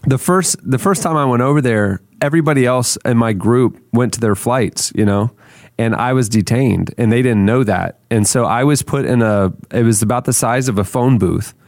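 A man's voice: medium pitch, moderate pace, a little mellow, no room sound, clean studio sound. A man hosting a podcast, telling stories conversationally and leading into segments. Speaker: podcast host. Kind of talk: casual storytelling.

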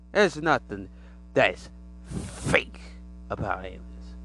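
Guy ranting about aliens n stuff, lots of pitch swings, low mains hum in the back. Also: unhurried, long pauses. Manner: animated, acts out imagined alien voices. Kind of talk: rambling conspiracy monologue.

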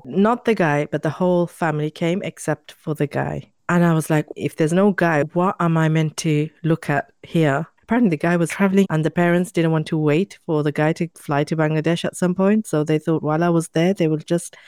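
Animated woman telling a story. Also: deep voice, brisk, few pauses, clean tone, no room sound, clean studio sound. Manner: animated, acts out quoted voices. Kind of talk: casual storytelling chat.

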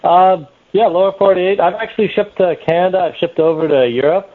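Man, New Hampshire accent, plain-spoken guest, phone-line sound, slightly high pitch. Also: fairly quick. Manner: plain-spoken, explains with many "uh" starts. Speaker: guest, small parts maker. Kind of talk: casual podcast chat.

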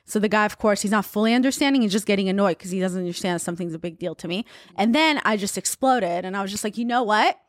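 Chatty young woman guest, loose storytelling with sudden pitch leaps; dry, close recording. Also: fast talker, dry recording. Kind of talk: casual storytelling.

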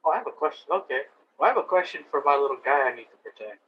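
A man playing a tabletop role-playing game, speaking bluntly and gruffly as his character. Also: on the high side, expressive, very fast. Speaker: player. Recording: dull lo-fi audio, faint noise.

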